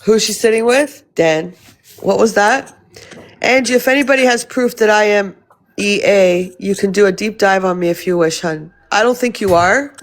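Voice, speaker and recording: A woman hosts a casual live stream, reading and answering her viewers' comments. She talks in a blunt, rambling way and swears freely. Her voice sits at an ordinary mid pitch. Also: normal speed.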